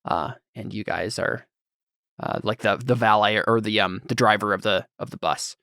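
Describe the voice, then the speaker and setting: A man's voice: on the low side, moderate pace, gravelly, bright, forceful tone, dry recording, studio quality. A man narrating as game master for a tabletop game, rambling and searching for words as he describes the scene.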